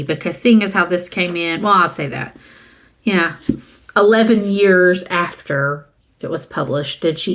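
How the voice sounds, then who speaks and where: A middle-aged woman from the American South talks through her book haul in an unhurried, rambling way. Her voice sits a little low, and she stops to read titles aloud and add asides. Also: fairly bright tone. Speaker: booktuber showing a used book haul. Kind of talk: casual chat.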